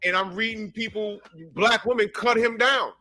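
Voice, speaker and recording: High, bright insistent man debating. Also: fairly even intonation, normal speed. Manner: insistent, repeats questions. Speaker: panelist. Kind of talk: heated debate.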